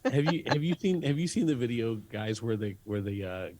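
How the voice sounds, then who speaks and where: Male podcast co-host, mid-pitched, upbeat, jokey storyteller. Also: expressive, a little fast, a crowd in the background. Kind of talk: casual chat.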